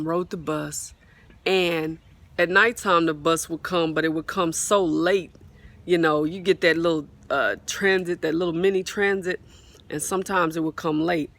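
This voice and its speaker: This woman's voice sits low, with fairly even intonation, a measured pace, and a slightly bright quality. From a swing outside, she fervently and repetitively shares her faith testimony into a phone, often calling to viewers. The mic is sometimes partly blocked.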